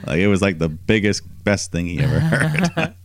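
Co-hosting a podcast, a man walks through a wrestling show in a relaxed storytelling style, switching to a higher voice to mimic quoted wrestlers. His pace is moderate, and there is no room sound in the recording.

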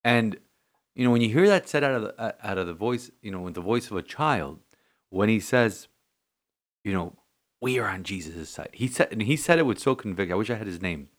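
Low-voiced priest hosting a podcast. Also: male voice, expressive, fairly quick. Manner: earnest, rambling with many restarts and "you know". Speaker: Catholic priest and podcast host. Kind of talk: casual podcast chat.

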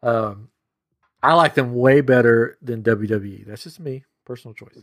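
A man co-hosting a casual podcast, chatty and storytelling. His voice sits at an ordinary middle pitch. He chuckles at himself as he goes. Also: normal speed. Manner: chatty, storytelling, self-amused. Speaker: podcast co-host. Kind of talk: casual chat.

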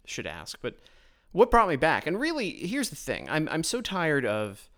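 A man's voice: on the high side, huge pitch swings, moderate pace, a bit bright. A man hosting a podcast, delivering a blunt, sarcastic political monologue into his own microphone, often stumbling and restarting his sentences. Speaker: podcast host.

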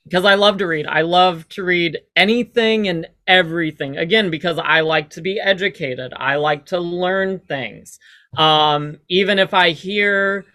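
Guy guest rambling on a podcast, lots of "like", bright tone. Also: fairly high pitch. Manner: rambling, many "like" fillers. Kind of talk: casual interview chat.

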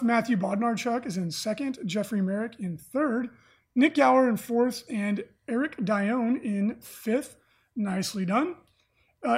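A man co-hosting a casual podcast, reading event news and rankings with frequent "uh" fillers and easy laughs. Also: extremely high pitch. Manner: laughs often, reads lists with filler "uh".

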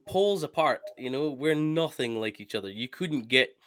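A Scottish man co-hosting a podcast, teasing his co-host in animated, casual chat. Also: medium pitch, moderate pace, no echo, studio quality. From Scotland.

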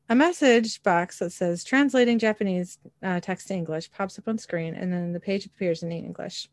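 A woman's voice: lowish voice, normal speed, no room sound. A woman narrating a TV episode scene by scene in a casual way, reading the characters' lines plainly with the odd filler. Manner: reads quoted dialogue plainly, with small fillers.

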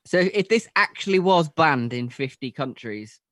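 A man's voice: a little high, animated, moderate pace, fairly bright tone, no echo. A man co-hosting a casual podcast, joking and trading playful banter. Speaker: podcast co-host. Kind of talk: casual chat.

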